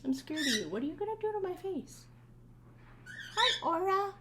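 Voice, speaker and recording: A woman's voice: very high voice, sing-song, moderate pace, heavy background noise. A woman talking in a cooing, sing-song baby voice to her pet parrots at home. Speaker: pet bird owner vlogger. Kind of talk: casual talk to pet birds. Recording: loud parrot squawks over voice. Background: screeching parrots.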